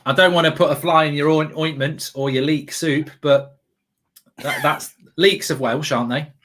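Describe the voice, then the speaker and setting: A man's voice: on the high side, fairly even intonation, normal speed, fairly bright tone. A man hosting a casual football watchalong, chatty and jokey, rambling and reading out live chat comments. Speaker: host.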